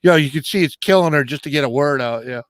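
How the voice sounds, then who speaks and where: A smooth, slightly high-pitched man hosts a casual late-night chat, drawling along and calling out viewers by name. He sounds like he's coming down with a cold. The mic is close and dry. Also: fast, no echo. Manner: laid-back, drawling, greets viewers by name. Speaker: live stream host.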